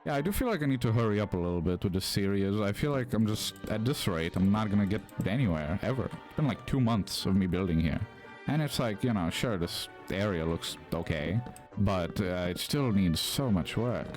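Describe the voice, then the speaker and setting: A man's voice: on the low side, animated, brisk, darkish tone, soft background music. A man giving casual commentary while he builds in a video game, rambling and amused at himself.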